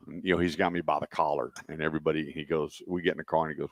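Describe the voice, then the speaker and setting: A man's voice: a bass voice, fast talker, few pauses, no room sound. A man hosting a car radio show, telling folksy stories in casual studio chat and acting out the voices of people in them. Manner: folksy, animated storyteller acting out quoted voices.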